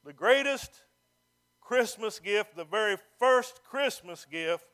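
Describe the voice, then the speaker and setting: A man's voice: high-pitched, expressive, slow pace, fairly bright tone, clean tone. A man preaching a sermon as pastor, building to emphatic calls and stretching out key phrases.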